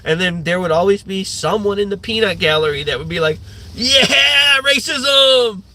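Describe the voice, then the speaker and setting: A man in his thirties rants to his livestream in a bright, forceful voice that sits a little high. He rambles, swears freely and leans on fillers as he goes. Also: fast. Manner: rambling, profane, many fillers. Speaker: livestream host. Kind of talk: ranting livestream monologue.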